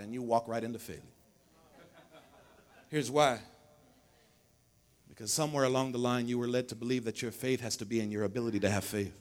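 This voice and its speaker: A male pastor preaching a sermon in church, swinging between shouted climaxes and low storytelling, calling on the congregation to respond. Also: a little fast, long pauses. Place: church sanctuary.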